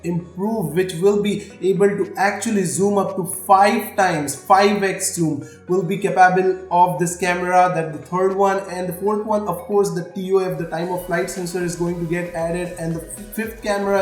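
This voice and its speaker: A man's voice: high-pitched, fairly even intonation, moderate pace, hardly any pauses, far from the mic. A man hosting a tech channel, running through phone rumors in a wordy way, with many fillers and asides to the audience. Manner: wordy, filler-heavy, keeps addressing the audience as guys. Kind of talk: tech rumor rundown with sponsor read. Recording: echoey room with faint music.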